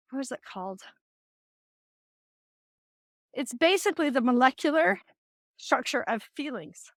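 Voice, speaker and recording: Middle-aged lady host, high voice, chatty storytelling, dry close sound. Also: no echo. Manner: chatty, animated storytelling with quoted dialogue. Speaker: podcast host. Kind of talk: casual advice monologue.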